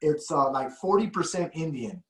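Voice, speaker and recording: Male podcast host, easygoing rambler, slightly high voice. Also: expressive, normal speed. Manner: rambling storyteller, laughs often. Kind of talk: casual podcast chat. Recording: echoey room.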